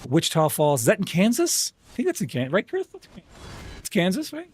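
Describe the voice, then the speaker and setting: A man's voice: a little fast, slight background noise. A man streaming a game live, chatting casually and greeting viewers by name, with frequent restarts. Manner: rambling restarts, animated jumps in pitch. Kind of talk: casual live-stream chat while gaming.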